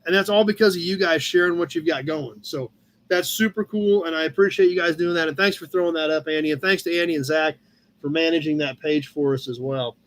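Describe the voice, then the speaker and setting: Speaking a little fast in a fairly high pitch, this man with a Midwestern American accent runs a live chat show about car hobbies. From a room at home, a cat close by, he wanders casually through viewers' posts, filling gaps with fillers and calling folks by name.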